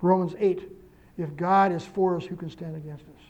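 High-voiced man preaching a sermon. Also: moderate pace, muffled recording. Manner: animated storytelling with self-corrections and rising emphasis. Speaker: pastor.

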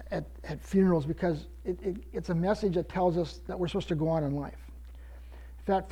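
A man's voice: high-pitched, darkish tone. A man preaching a sermon as pastor, often repeating words as he restarts, rising for emphasis.

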